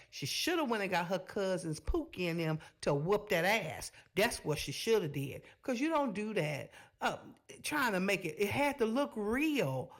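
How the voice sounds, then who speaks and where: Sassy woman host riffing on clips to camera, pitch all over the place. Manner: sassy, animated, talks straight to viewers. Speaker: reaction video host. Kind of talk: casual reaction commentary.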